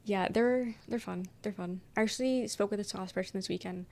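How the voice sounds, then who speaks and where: A woman's voice: medium pitch, a little fast, few pauses, a little mellow. A young adult woman streaming and chatting casually with her viewers, reading their messages aloud and rambling with lots of "um" and "like" and casual swearing. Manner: rambling, filler-heavy, swears casually, frequent "um".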